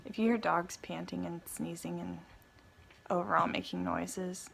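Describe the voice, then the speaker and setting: A young woman telling a personal story on her vlog, animated and often laughing. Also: lowish voice, measured pace, creaky, a little hiss or hum, rough recording. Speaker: vlogger.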